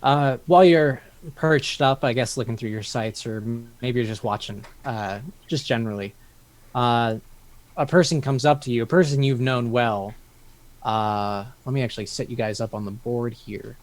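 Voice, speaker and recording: A man narrating as game master of a tabletop game, relaxed and loose, with many fillers. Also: mid-range voice, normal speed. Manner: relaxed, filler-heavy, laughs easily.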